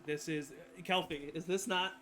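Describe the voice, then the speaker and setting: A man putting on a thrilled woman character in a tabletop game, pitched a little higher than his usual voice, gushing with delight. She admires everything with breathless enthusiasm. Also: fairly even intonation, measured pace, fairly bright tone.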